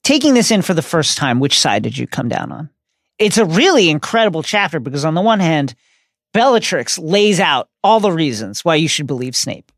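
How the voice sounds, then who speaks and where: A man's voice: fairly high pitch, very animated, moderate pace, a bit bright, dry recording, clean studio sound. A man co-hosting a podcast, giving an emphatic, essay-like delivery. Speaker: podcast co-host. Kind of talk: casual podcast discussion.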